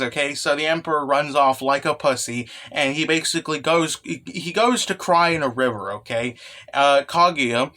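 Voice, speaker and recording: A man's voice: fairly high pitch, sharp tone. A young man giving a casual recap, rambling and full of fillers and tag questions like "right?". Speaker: manga recap host. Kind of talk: casual commentary.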